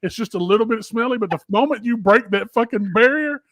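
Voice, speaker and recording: A middle-aged man co-hosts a casual podcast from home, telling stories with lots of swearing and animated energy. His voice sits a little high. The sound is dry and close. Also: fairly quick, dry recording. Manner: profane, animated storyteller. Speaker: podcast co-host. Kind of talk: casual chat. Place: home office.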